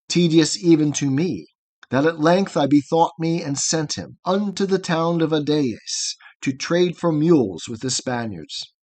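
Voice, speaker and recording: A hearty older herdsman and former blacksmith speaks in a cheerful, reassuring way, as a man reading a narrative poem gives him voice. His voice sits slightly high for a man.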